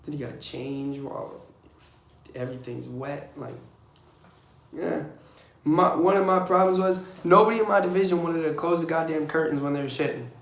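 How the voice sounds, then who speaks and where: Young guy vlogging, gravelly voice, kinda high, swears a lot, echoey room. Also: normal speed. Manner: blunt, profane, animated when quoting people. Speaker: vlogger recounting navy boot camp. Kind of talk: casual storytelling.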